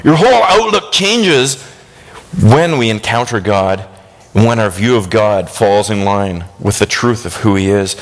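A man preaching a sermon, swinging between high excited bursts and low hushed tones. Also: a little slow.

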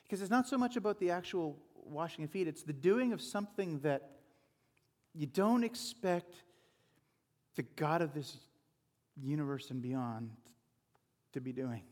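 A man's voice: on the high side, expressive, measured pace, long pauses, in a large hall. A male pastor giving an informal, chatty sermon with conversational asides.

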